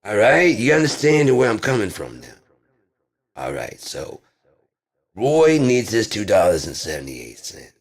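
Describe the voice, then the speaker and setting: A man with a low, husky, gravelly voice rambles through a comedy bit in easygoing rocker slang. His pitch jumps around animatedly, and he drawls, lurching from loud bursts down to mutters. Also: wildly swooping pitch, unhurried. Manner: laid-back rocker slang, calls everyone man; drawling, swings from loud to mumbled.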